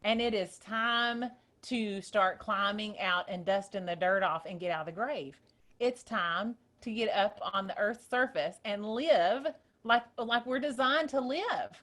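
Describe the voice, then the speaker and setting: A woman hosting a casual group call, telling a story in an excited, rambling way. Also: medium pitch, a little slow. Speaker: host. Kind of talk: casual chat.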